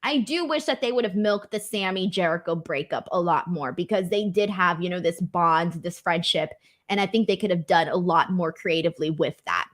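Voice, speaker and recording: A woman's voice: fairly low pitch, normal speed. A woman hosting a casual wrestling recap, chatty and enthusiastic, with plenty of filler words. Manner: chatty, enthusiastic, lots of likes. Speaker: host.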